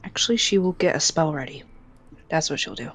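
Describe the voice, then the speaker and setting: A woman playing in a tabletop game, excitable as she declares her character's actions. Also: low-pitched, brisk. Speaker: player.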